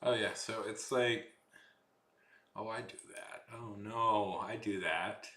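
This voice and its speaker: A man's voice: on the low side, fairly even intonation, slow, pushed and bright, echoey room. A man from Texas chatting casually on a livestream, rambling and joking, feeling a little sick. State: slightly sick. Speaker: streamer.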